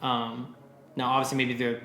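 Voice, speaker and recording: A man's voice: medium pitch, monotone, normal speed, pushed and bright. A man in his twenties co-hosting a podcast in casual chat, rambling with lots of swearing and fillers. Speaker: podcast co-host. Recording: roomy, faint music.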